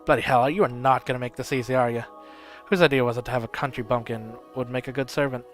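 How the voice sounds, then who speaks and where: A man's voice: medium pitch, fairly even intonation, fast talker, fairly bright tone, soft background music, close to an everyday voice. A man voicing a blustery, barking retired old nobleman who swears often. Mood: stern. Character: gruff loud old male noble, retired.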